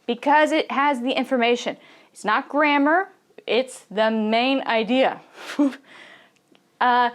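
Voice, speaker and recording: Young woman, teacher voice, unhurried and a little high, clear, patient. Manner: slow, clear teaching delivery with frequent laughs and "okay?" checks. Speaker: English pronunciation teacher. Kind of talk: online lesson.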